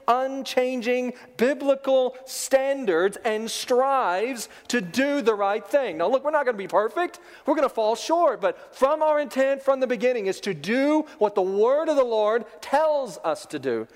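Pastor guy preaching, high voice, pushes hard on the big points, hall echo. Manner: preaching with rising emphatic exhortations. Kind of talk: sermon.

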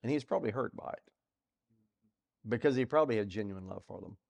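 A man teaching through a Bible passage in a sermon, asking rhetorical questions and swinging between loud and soft. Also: fairly low pitch, expressive, brisk, creaky. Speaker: preacher.

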